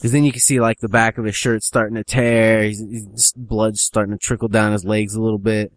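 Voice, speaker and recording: A man casually brainstorming a story, talking in a rambling, animated, profane way. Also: on the low side, fairly quick, dry recording. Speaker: co-writer.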